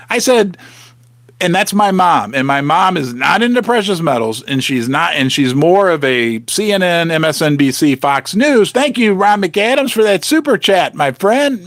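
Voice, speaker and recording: Middle-aged male livestream host, animated and rambling, dry close sound. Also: fairly high pitch, dry recording. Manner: rambling, restarts often, thanks viewers. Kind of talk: casual livestream chat.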